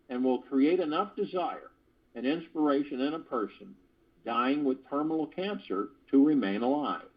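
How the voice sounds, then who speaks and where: Speaking a little high, with a breathy, slightly husky quality, a man hosting a spiritual call reads earnest reflections to callers, tossing in playful asides. Recorded via phone conference, the audio is dull and lo-fi.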